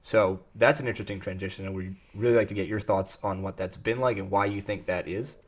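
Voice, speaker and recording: A man co-hosting a sports talk show, chatting casually with animated, jokey banter. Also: fairly low pitch, a little fast.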